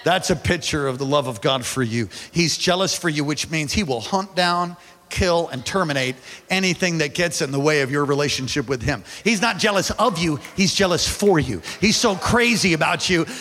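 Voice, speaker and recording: A man preaching a sermon, telling stories with big animated energy and calling on the congregation to repeat after him. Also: a little high, moderate pace, big-room sound. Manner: animated storytelling, shouting at peaks; calls on the congregation to respond. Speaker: pastor.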